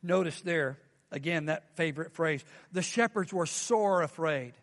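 A man's voice: a little high, measured pace, big-room sound. A man preaching a sermon as a pastor, often asking his congregation questions.

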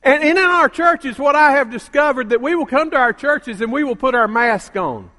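High-voiced older preacher in a reverberant church. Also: male voice, expressive, moderate pace. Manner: call-and-response preaching, rising to emphatic shouts. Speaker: pastor. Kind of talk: sermon. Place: church sanctuary. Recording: long reverb of a church hall.

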